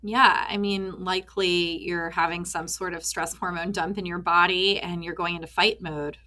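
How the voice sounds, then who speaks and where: A woman's voice: on the low side, moderate pace. A woman in her thirties, a therapist being interviewed on a podcast, telling stories animatedly and acting out little voices. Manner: animated storyteller, acts out voices in anecdotes. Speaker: therapist and author, guest.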